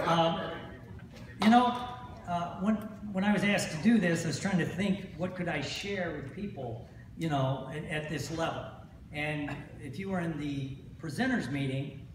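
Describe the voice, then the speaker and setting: Middle-aged male speaker with a high voice, motivational convention talk, storytelling, heard from far off in an echoey hall. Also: background noise. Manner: storytelling, repeats phrases, asks "right?". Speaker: hypnosis instructor.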